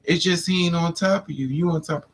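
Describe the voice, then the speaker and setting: A little fast and with slight background noise, a woman runs a blunt, sassy livestream monologue full of candid stories laced with "honey" and "child." She's animated, jumping into dramatic, high-pitched put-on voices whenever she voices other people.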